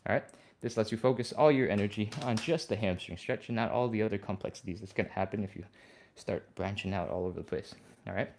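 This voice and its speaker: A man's voice: lowish voice, fast talker, hardly any pauses. Upbeat man coaching a stretch workout. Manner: relaxed, upbeat, talks through each move; sighs and breathes audibly between cues. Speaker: fitness instructor.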